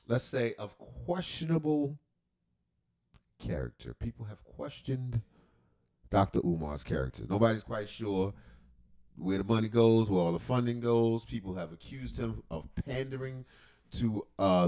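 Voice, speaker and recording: A man's voice: medium pitch, mellow. A man hosting a livestream reaction, talking in a rambling, profane, joking way with lots of asides. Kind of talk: casual reaction commentary.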